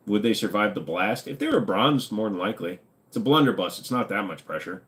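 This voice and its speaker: A man's voice: lowish voice, lively intonation, brisk. A man hosting a stream, chatting casually and joking as he reads viewer comments. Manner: joking, laid-back, rambling. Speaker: streamer host.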